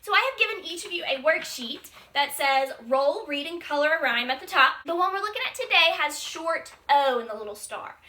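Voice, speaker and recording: Lively high-pitched woman teaching young kids. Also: fairly quick, hardly any pauses. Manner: sing-song, exaggerated teacher voice for young children. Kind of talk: early-grade phonics lesson.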